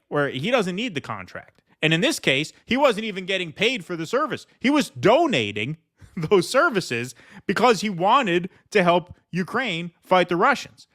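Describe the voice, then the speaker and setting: Sarcastic bright-voiced male commentator. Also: a little high. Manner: sarcastic, mocking, animated. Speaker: political commentary host.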